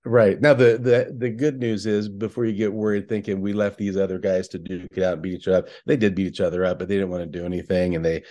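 Middle-aged male podcast co-host, lower voice, laughing storyteller. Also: steady tone, quick pace, few pauses, mellow. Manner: laughs often while telling a story. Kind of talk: casual storytelling chat.

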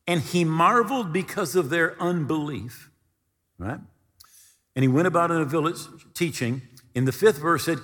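Male pastor, sermon delivery, dramatizes quotes, slightly raised pitch, long reverb tail. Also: fairly bright tone. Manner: preaching with dramatic retellings of scripture quotes.

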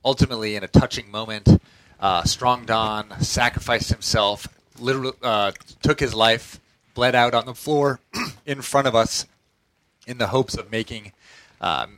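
A man in a tabletop game sums up the last session in a loose, casual way. He often pauses on "uh" as he gathers his thoughts, speaking at an ordinary pitch. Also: fairly bright tone, low-quality recording. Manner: rambling, with frequent "uh" fillers. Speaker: player.

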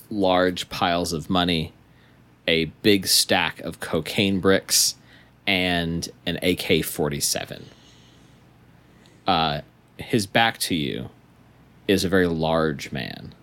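A young man narrating a tabletop game as game master, slow and hesitant with many pauses. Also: low voice, a bit bright.

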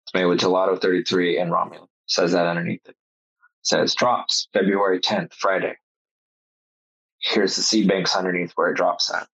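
A man's voice: deep voice, little pitch movement, normal speed, creaky, fairly bright tone, husky, no echo, muffled recording. A man chatting casually, rambling and profane, with a sarcastic streak. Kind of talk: casual chat.

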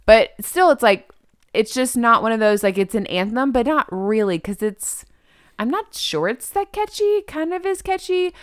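A woman co-hosting a casual podcast chat, recapping a TV show and quoting characters in bright, exaggerated voices. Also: a little high, big pitch swings, normal speed, smooth, no room sound, studio quality. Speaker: podcast co-host.

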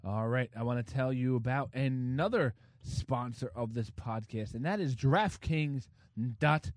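A man's voice: medium pitch, measured pace, no room sound, studio quality. A man co-hosting a podcast, rambling and joking through an ad-libbed sponsor read. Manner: animated, teasing, rambling with restarts. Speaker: podcast co-host reading sponsor ads.

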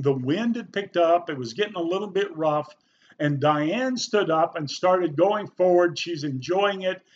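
Earnest man telling a personal story. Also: a little high. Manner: folksy, earnest, animated when quoting people. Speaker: youth pastor. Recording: slightly dull, faint background noise.

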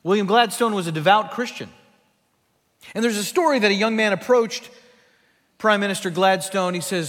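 A man's voice: sits high, normal speed, long pauses. Emphatic man preaching in a reverberant hall. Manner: emphatic, rhetorical questions, swings between loud and hushed. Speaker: pastor. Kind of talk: sermon.

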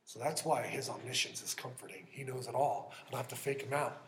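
A man preaching a sermon in an earnest, conversational way, often dropping to a hushed voice for emphasis. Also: mid-range voice, brisk, roomy sound, a little hiss or hum.

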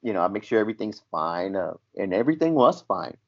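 On dull lo-fi audio, a man who once worked as a paramedic spins an animated story in casual conversation, doing the voices of its characters. He talks fast in a lowish voice.

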